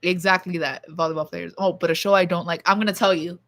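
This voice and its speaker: A woman's voice: fairly low pitch, fairly even intonation, fast talker, a bit bright. A young woman vlogging at home, talking casually to her viewers in a rambling, blunt way and swearing freely. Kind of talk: casual rambling chat to camera.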